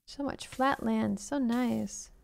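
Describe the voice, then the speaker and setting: A young woman streams a game, chatting playfully with her viewers as she plays. Her voice is on the high side, slow and gravelly, with faint music behind her.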